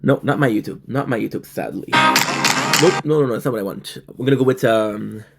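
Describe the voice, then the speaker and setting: A young channel host rambles to his viewers in a fairly low, gravelly, darkish voice, talking fast over soft background music. He meanders, swears freely, and keeps tacking "right?" onto his thoughts. The room is echoey, with a faint hiss.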